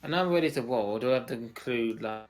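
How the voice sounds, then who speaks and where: A man playing a tabletop game, chatting casually with excitable, cheering banter and some swearing. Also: mid-range voice, fast, soft background music. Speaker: player.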